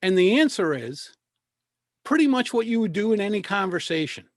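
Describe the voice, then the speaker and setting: A man coaching people on public speaking. His voice sits a little high, and his delivery is measured, with deliberate pauses. The sound is dry and close, picked up over a video call. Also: a little mellow, no echo. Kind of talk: presentation coaching talk.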